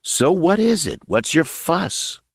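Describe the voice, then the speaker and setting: Guy putting on a snarky alien sidekick, high and fast, dry close sound. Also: very animated, vocal fry, breathy edge, dry recording, heavily acted. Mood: mocking. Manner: sarcastic, quick, mocking. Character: wisecracking male alien rebel guide, cocky.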